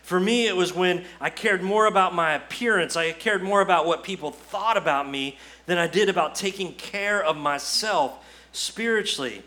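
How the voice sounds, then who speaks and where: A man's voice: high-pitched, normal speed, pushed and bright. A man preaching a sermon as pastor, earnest and exhorting, full of repetitions and rhetorical questions. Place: church.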